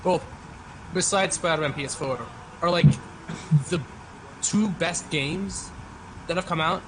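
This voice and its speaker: A man's voice: on the high side, unhurried, fairly bright tone. A man chatting casually while streaming a game, swearing a lot and joking with friends. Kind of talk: casual gaming chat. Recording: noisy stream audio.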